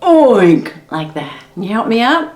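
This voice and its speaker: In a library room with a roomy sound, a children's librarian reads picture books and sings animal songs to preschoolers at story time. Her voice is a little high, playful and sing-song, with lively intonation and a slow pace.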